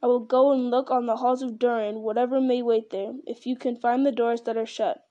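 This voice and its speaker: A woman's voice: on the high side, level tone, a little fast, dark tone, dull audio, close to an everyday voice. A woman reading the part of a stubborn, eager male dwarf in a blunt, determined way.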